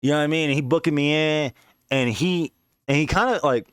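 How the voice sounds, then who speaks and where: A man's voice: fairly high pitch, fairly quick, fairly bright tone, clear, resonant tone, dry recording, clean studio sound. A man telling a long personal story in casual, slangy speech, swearing freely and often asking "you know what I mean.". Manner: rambling, profane, slangy; leans on filler tags. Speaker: podcast host.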